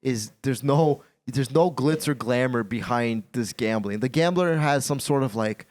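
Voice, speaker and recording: A man hosting a casual podcast chat, talking in an animated, repetitive way and swearing freely. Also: medium pitch, measured pace. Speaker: podcast host.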